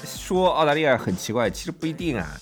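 A man co-hosting a casual bilingual chat show, playful and quick to mimic phrases. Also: fairly high pitch, sing-song, faint music behind. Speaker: podcast co-host.

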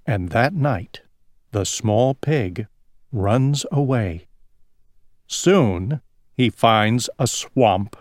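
Man reading a picture book aloud; slow, with a rising and falling pitch, dry sound. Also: dry recording. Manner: slow, expressive storytelling.

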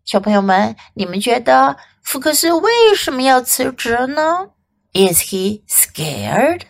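A woman English teacher reading a storybook to children and slowly explaining phrases. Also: sits high, big pitch swings. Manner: slow, clear, explaining and repeating for children.

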